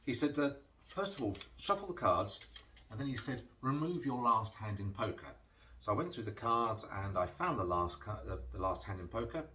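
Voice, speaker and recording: A man's voice: lowish voice, very animated, moderate pace, sharp tone, far from the mic. A man, a magician talking through card tricks in a chatty storytelling way with dry, self-mocking asides. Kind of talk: patter while performing card tricks. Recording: voice from off the mic, music playing behind.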